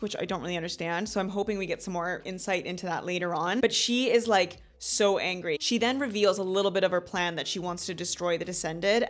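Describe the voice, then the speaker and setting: A woman in her thirties hosting a book club, recapping chapters in a chatty, gushing way full of "like" fillers. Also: on the low side. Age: 30s.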